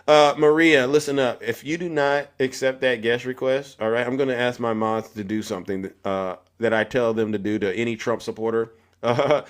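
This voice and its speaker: A man's voice: mid-range voice, steady tone, normal speed, clear, resonant tone. A man hosting a political live stream, combative and mocking, often raising his voice at chat viewers.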